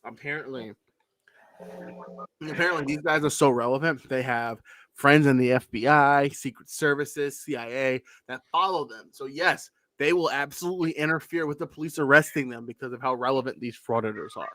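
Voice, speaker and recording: A man's voice: mid-range voice, a little fast, pushed and bright, no echo. A man hosting a video reaction show, giving scornful, sarcastic commentary.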